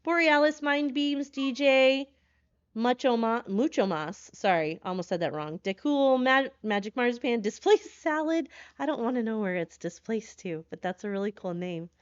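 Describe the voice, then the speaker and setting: A woman horror streamer chatting live with her viewers, excitable, laughing often and swearing when startled, talking from a hotel room. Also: on the high side, normal speed, smooth, no echo, lo-fi sound.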